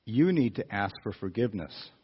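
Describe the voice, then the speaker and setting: A man voicing the Holy Spirit as a quiet, firm inner voice. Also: on the low side, lively intonation, moderate pace, husky, lo-fi sound, voice pushed down.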